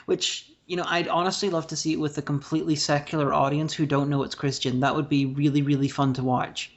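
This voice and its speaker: A woman's voice: deep voice, little pitch movement, quick pace. A woman hosting a podcast, talking casually with hesitant, rambling sentences full of restarts. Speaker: podcast host. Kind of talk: casual chat. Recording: lo-fi podcast recording.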